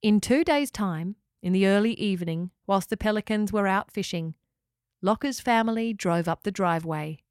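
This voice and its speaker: Woman, children's story narrator, calm gentle reading, mid pitch, dry close sound. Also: normal speed, clean tone, no room sound. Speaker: storyteller and podcast host.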